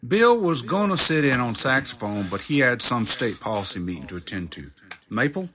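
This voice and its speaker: Man as an old country bandmate, folksy, rambling, bright tone. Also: medium pitch, big pitch swings, fairly quick, soft background music. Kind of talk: improvised comedy sketch.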